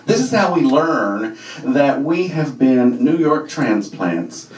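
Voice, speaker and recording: A man from Alabama tells a funny story with a lively, swinging delivery. He talks in a wry, loose way, full of ums and asides. His voice sounds roomy and a bit distant, like a stage mic in a hall. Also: mid-range voice, takes it slowly. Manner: lively, wry, conversational with many fillers. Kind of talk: live comic storytelling. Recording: echoey room, voice from far off.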